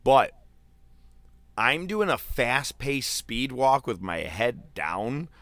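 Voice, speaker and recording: A man telling a long story in casual podcast chat, loose and animated, with swearing and filler words. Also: mid-range voice, takes it slowly, no echo.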